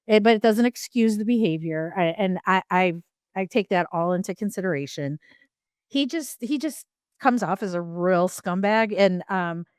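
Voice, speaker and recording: A woman co-host talks in frank, rambling casual chat, hedging with ums and restarts. Her voice is smooth and clear at a middle pitch. It is recorded close and dry. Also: no room sound.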